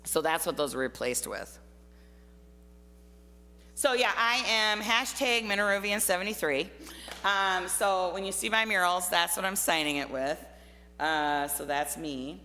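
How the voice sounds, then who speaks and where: A woman's voice: fairly low pitch, measured pace, sharp tone. A middle-aged woman from Minnesota speaking as a guest artist, telling personal stories in a chatty way with many fillers. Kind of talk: casual personal talk. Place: church hall. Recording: long hall reverb.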